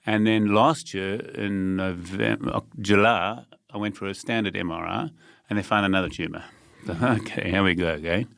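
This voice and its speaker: A man's voice: low voice, normal speed, creaky, a bit bright, no room sound, clean studio sound. A South African man, a guest telling his story in a determined, emphatic way, laughing lightly now and then. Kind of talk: conversational storytelling.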